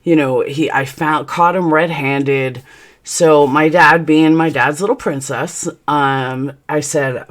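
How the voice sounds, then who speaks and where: A woman telling a personal story in a vlog, blunt and heated, swearing freely and rambling through quick asides. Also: deep voice, fairly even intonation. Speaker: channel host.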